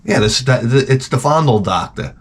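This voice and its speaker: A man's voice: medium pitch, expressive, normal speed, husky. A man hosting a show, rambling through crude comedic chat and trailing off into mumbled asides. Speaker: show host.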